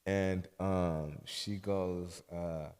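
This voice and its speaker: A man hosting a podcast, telling stories in a loose, profane, casual way that often drops soft and low. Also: fairly even intonation, very slow, in a large hall. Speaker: podcast host.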